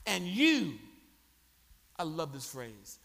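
Animated preacher with a high, gravelly voice. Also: male voice, slow pace, big-room sound. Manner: animated preaching with crowd prompts and humor. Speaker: pastor. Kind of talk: sermon.

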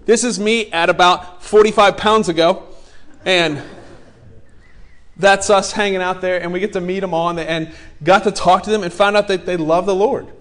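High-voiced pastor guy in his 40s, animated, jokey, acts out his story. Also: moderate pace. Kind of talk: sermon storytelling.

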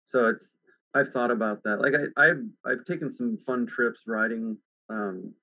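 A man hosting a podcast from home, chatting loosely and circling his points with a string of fillers. His voice is bright and forceful, in a dry, close recording with no room sound. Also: mid-range voice, measured pace, no echo, rough recording. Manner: relaxed, rambling, many "like" fillers. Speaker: podcast host. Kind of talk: casual chat.

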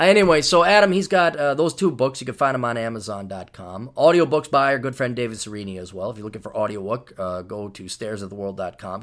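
A man's voice: mid-range voice, fairly bright tone. A man from the United States hosting his own podcast in a rambling, sarcastic, mock-ranting monologue. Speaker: podcast host.

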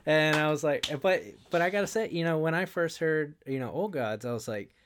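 A man's voice: fairly high pitch, a little fast, a bit bright, clear, resonant tone. Chatty man retelling a work anecdote. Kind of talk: casual conversation.

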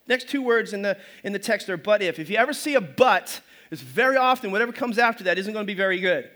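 A man's voice: high voice, fast talker, bright, forceful tone. A man pastor preaching a sermon in a loose, conversational way, often restarting his phrases. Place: church service.

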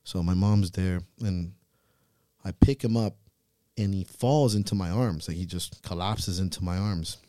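A podcast host in his thirties telling a heartfelt personal story, earnest and halting, swearing freely. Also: deep voice, mellow, dry recording, studio quality. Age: 30s. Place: podcast studio.

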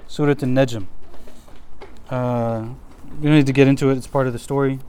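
Guy teaching a religious class, smooth clear voice, rambly and casual, bit worn out. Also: medium pitch, fairly even intonation, normal speed, mellow. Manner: chatty, frequent "like" and restarts. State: voice a little worn.

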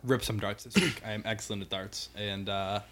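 A man's voice: on the low side, steady tone, a little fast, fairly bright tone, slight background noise. A young man co-hosting a casual podcast, throwing in dry, teasing remarks. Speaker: podcast co-host. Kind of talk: casual chat.

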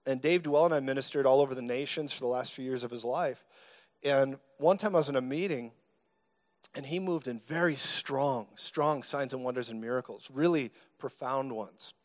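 A man preaching a sermon, telling stories in an animated, joking way with sudden loud bursts. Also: mid-range voice, moderate pace. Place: church meeting hall.

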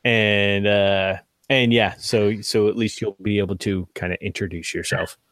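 Low-voiced man running a tabletop game. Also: normal speed, dry recording, studio quality. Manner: relaxed, rambling description with many fillers. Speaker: game master.

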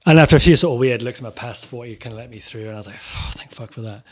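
A man's voice: medium pitch, racing, a little mellow. A man telling a casual story about touring with his band, swearing freely and acting out the quotes. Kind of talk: casual anecdote.

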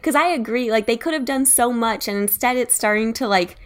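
A woman on a group podcast talks in a quick, animated way. She strings her thoughts together with lots of filler words. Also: fairly high pitch. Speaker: podcast panelist. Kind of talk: casual group chat.

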